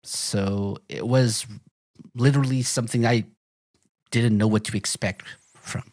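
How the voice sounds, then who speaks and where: A man's voice: mid-range voice, fairly even intonation, unhurried, darkish tone, no room sound. A man speaking as a podcast guest in casual chat, hesitant, with fillers and repeated words.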